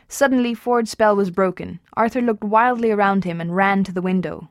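A woman reading a novel aloud at an even pace, with small slips and restarts. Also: mid-range voice, moderate pace, few pauses, dry recording, studio quality. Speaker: reader.

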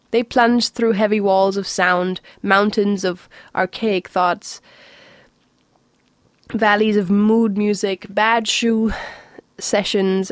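A woman narrating an audiobook in an even, measured storytelling manner. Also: medium pitch, dry recording. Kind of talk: audiobook reading.

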